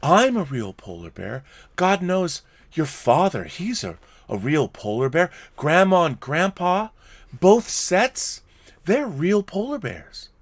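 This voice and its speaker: A man's voice: a little high, sing-song, slow, voice pushed up, full character voice. A man voicing a prim female polar bear mother in a raised, slightly fussy voice. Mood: reassuring.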